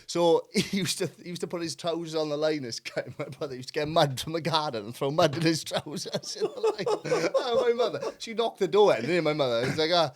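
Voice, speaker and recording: A man's voice: on the high side, big pitch swings, a little fast, hardly any pauses. A man telling rambling, sweary stories in casual pub chat, laughing through his own tales. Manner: sweary rambling storyteller, laughs mid-sentence. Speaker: podcast co-host.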